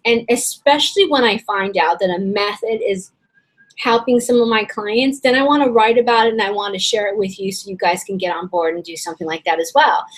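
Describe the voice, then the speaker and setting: A woman with a medium-pitched, slightly hoarse and strained voice hosts a casual online business webinar, teaching in a chatty, rambling way full of fillers and restarts. The recording quality is low.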